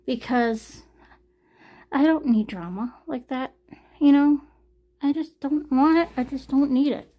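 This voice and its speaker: A woman's voice: sits high, a little slow, long pauses, highs cut off. A woman vlogging in a casual rambling monologue, full of "you know", sighs and laughs.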